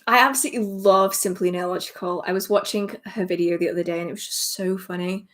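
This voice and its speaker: A young English woman hosting a casual livestream Q&A, chatty and self-deprecating, laughing often, filmed under bright lights at home. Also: fairly low pitch, steady tone, fast talker, few pauses. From England. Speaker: witchcraft livestream host.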